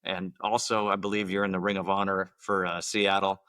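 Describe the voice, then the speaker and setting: A man hosting a podcast, chatting casually and warmly praising his guest. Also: deep voice, little pitch movement, brisk, no room sound. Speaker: podcast host.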